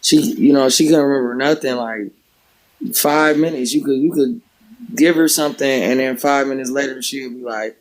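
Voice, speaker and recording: A man's voice: medium pitch, normal speed, low-quality recording. A man hosting a livestream, telling a story in a loose, rambling way with many filler words. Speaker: livestream host; former home health care worker. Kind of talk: casual storytelling chat.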